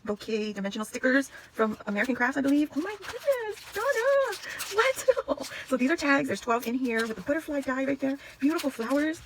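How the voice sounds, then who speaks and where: A woman's voice: high-pitched, animated, brisk, slight background noise. A woman vlogger chatting through a craft unboxing, gushing and exclaiming, often swooping up into squeals. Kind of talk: excited unboxing chat.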